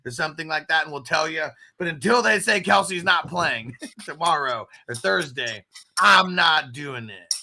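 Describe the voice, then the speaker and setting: A man's voice: on the high side, normal speed, creaky, bright, forceful tone, a little hiss or hum. A man hosting a casual fantasy football chat show, reading chat comments aloud and telling stories with lots of laughter. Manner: loose, laughing storyteller, reads chat aloud. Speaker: podcast host.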